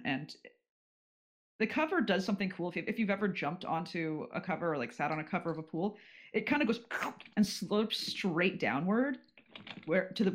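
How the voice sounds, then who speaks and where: A man from California on a podcast, telling a rambling story with many fillers and restarts. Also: high-pitched. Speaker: podcast co-host. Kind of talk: casual chat.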